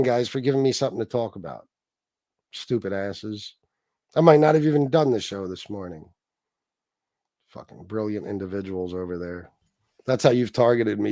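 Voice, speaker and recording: A man's voice: on the high side, darkish tone, no room sound. A man hosting a livestream, ranting in a profane, sarcastic, mocking way. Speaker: livestream host.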